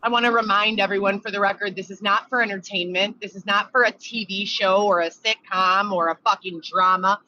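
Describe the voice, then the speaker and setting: A woman's voice: medium pitch, steady tone, a little fast, hardly any pauses, sharp tone. A woman venting in a monologue video, agitated and profane, reeling off complaints one after another. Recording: dull lo-fi clip audio.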